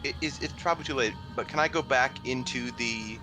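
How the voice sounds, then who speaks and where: A man's voice: mid-range voice, brisk, pushed and bright, soft background music, poor audio. A man playing in a tabletop game, chatting politely with the game master. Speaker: player. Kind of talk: casual tabletop game talk.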